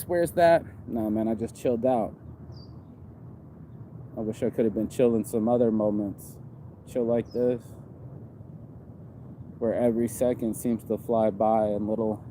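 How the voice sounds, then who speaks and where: A man's voice: on the low side, noisy background. A man in his forties talking outdoors in a rambling, reflective vlog, with lots of "you know". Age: 40s. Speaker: vlogger. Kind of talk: casual outdoor vlog monologue. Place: outdoors on a campus.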